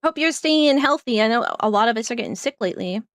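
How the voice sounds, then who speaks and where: A woman's voice: on the high side, lively intonation, fast talker, no room sound, clean studio sound. A woman casually commenting while playing a game on stream, chatty and laughing often, trailing off as she thinks.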